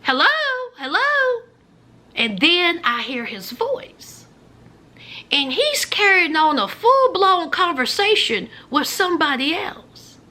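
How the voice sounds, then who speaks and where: This woman's voice is high, sing-song, bright, and forceful, moving at a slow pace. A vlogger from rural Virginia, she shares a personal story dramatically, treating viewers like friends and now and then lowering to a whisper.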